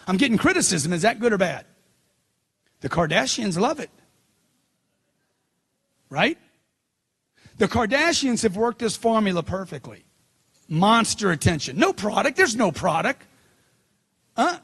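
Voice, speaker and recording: A man's voice: high-pitched, lively intonation, normal speed. A middle-aged man speaking as a motivational speaker at a seminar, punchy and emphatic, repeating lines for effect. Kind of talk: seminar speech.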